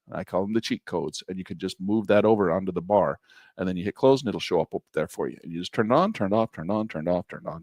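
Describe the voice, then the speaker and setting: A middle-aged man teaching a trading class while sharing his screen, often checking in with "all right?", a bit hoarse and clearing his throat. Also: on the low side, dry recording, clean studio sound. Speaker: trading instructor. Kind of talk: screen-share class walkthrough.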